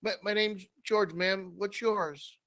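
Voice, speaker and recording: A man's voice: high voice, fairly even intonation, takes it slowly, fairly bright tone, pitched above the performer's own voice, full character voice. A man voicing a panicky young man who stammers and swears frantically. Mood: pleading.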